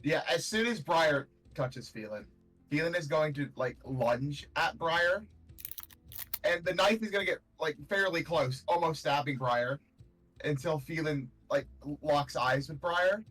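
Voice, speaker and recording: A man's voice: fairly high pitch, measured pace, fairly bright tone, soft background music, low-quality recording. A man narrating as game master in a tabletop game, loose and full of fillers. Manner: loose, filler-heavy storytelling.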